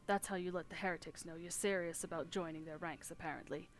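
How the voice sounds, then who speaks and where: A woman voicing a cynical lowborn male soldier with rough, common speech, reading game dialogue aloud. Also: fairly even intonation, quick pace, lightly acted. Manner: rough common speech, dry and world-weary.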